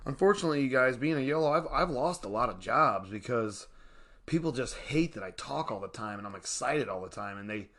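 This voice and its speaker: A man's voice: medium pitch, fairly quick. A man, casually rambling about his life and a self-help book, talking to viewers as y'all. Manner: rambling, animated, addresses viewers as y'all, frequent laughs. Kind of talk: casual personal storytelling and reflection.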